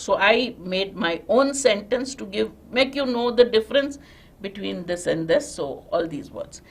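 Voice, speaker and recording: A woman's voice: fairly high pitch, animated, measured pace. Indian woman teaching vocabulary. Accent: Indian English. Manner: explains step by step, checks in with students. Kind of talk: live online class.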